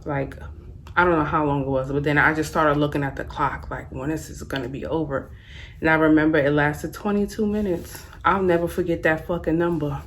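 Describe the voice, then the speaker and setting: A woman's voice: low voice, slight background noise. A young woman vlogger telling a personal story, frank and slangy, rambling casually with lots of fillers. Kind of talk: storytime vlog.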